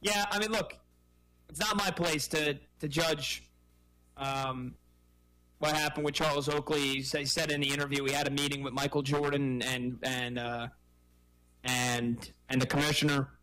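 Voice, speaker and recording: Male sports radio host, bright, forceful tone, slightly high voice, lively and conversational. Heard on a radio broadcast. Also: normal speed, poor audio. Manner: energetic, conversational.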